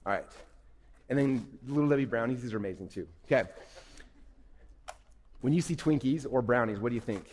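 A man's voice: mid-range voice, a little fast, long pauses, darkish tone. A man giving an interactive, upbeat talk to a youth audience, checking in with the room every few sentences. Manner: upbeat, keeps checking in with "okay?". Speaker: workshop presenter. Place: event hall. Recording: echoey hall.

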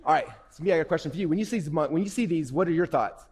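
Fast-talking man presenting in an echoey hall. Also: on the high side, darkish tone, breathy edge. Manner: upbeat, keeps checking in with "okay?". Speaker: workshop presenter. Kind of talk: interactive talk to a youth audience. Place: event hall.

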